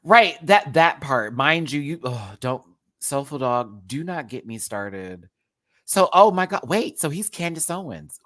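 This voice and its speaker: Very deep-voiced, animated woman ranting. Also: a little slow, dry recording. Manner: animated and expressive, laughs often, swears. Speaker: host of a live recap show. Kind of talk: casual ranting commentary.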